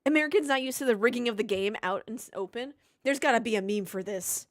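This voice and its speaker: A woman's voice: fairly high pitch, quick pace, dry recording, clean studio sound. A woman streaming live, reacting in casual chat with lots of swearing, exasperation and laughter. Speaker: streamer watching a race.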